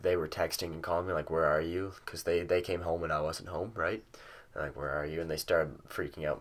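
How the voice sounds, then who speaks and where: Deep-voiced teenage guy, casual vlog storyteller, rambly and sweary, lots of fillers. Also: a bit bright. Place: at home with a cat nearby.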